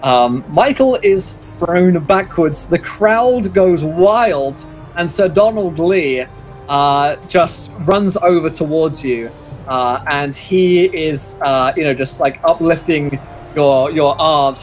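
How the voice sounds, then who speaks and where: A man's voice: a little high, takes it slowly, soft background music. A man narrating a tabletop game as game master, casual with many fillers.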